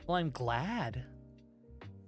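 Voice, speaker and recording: A man streaming live, chatting in a soft, breathy, put-on high "femboy" voice close to the mic, giggling and reading chat aloud. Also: sing-song, slow pace, faint music behind.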